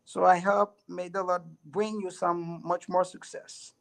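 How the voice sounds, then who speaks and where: A man's voice: high-pitched, flat delivery, measured pace, vocal fry. A man with a Haitian accent, a student thanking and congratulating his teacher. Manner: grateful, congratulating. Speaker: student in a class debate.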